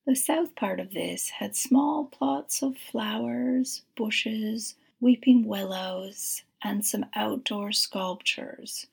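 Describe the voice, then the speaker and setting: A woman narrating a story in a soft, breathy, half-whispered voice. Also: mid-range voice.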